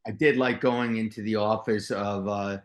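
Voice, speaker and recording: Middle-aged actor, rambling and upbeat in casual interview chat. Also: male voice, fairly low pitch, fairly even intonation, moderate pace. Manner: enthusiastic, rambling with many restarts. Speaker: actor guest.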